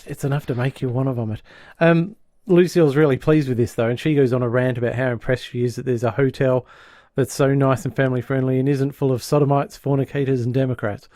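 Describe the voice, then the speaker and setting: A man co-hosting a podcast, talking through a sitcom plot in a loose, chatty way. He keeps breaking into quick impressions of the characters. His voice sits in a middle register and sounds dry and close to the mic. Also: mid-range voice, steady tone, dark tone, dry recording. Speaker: podcast co-host. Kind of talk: casual chat recapping a sitcom episode.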